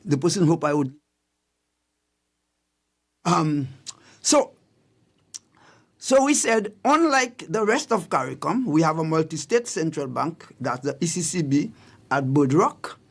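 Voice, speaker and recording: A man's voice: on the high side, very animated, a little slow, vocal fry, fairly bright tone. A man hosting a radio talk show, giving emphatic commentary and repeating his key points for listeners. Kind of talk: radio commentary on public affairs. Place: radio studio.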